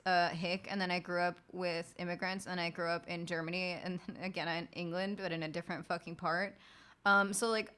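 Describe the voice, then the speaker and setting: A woman's voice: on the low side, bright, forceful tone. A young woman streamer chatting casually and frankly late at night, swearing often and rambling through stories.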